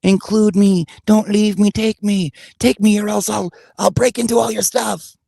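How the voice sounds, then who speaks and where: A man's voice: high voice, little pitch movement, moderate pace, creaky, dark tone, slightly rough, dry recording, studio quality, pitched above the performer's own voice, full character voice. Man mocking a clingy whiny woman. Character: clingy, whiny young woman begging to tag along.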